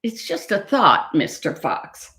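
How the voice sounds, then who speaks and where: A small, crafty male piglet who sighs and politely wheedles in a raised, childlike voice, as a woman reads him aloud. The storybook delivery is slow and swings widely in pitch. It sounds in an echoey room. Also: big pitch swings, pushed and bright, full character voice. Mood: wheedling. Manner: high, sighing, wheedling.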